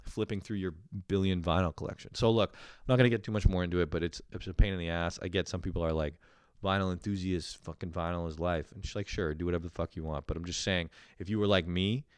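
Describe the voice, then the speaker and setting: A man's voice: deep voice, fairly even intonation, fast talker, clear, resonant tone, dry recording, clean studio sound. A young man in his twenties, a podcast host telling a rambling story and ranting with constant swearing and laughter. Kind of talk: profane comedic rant.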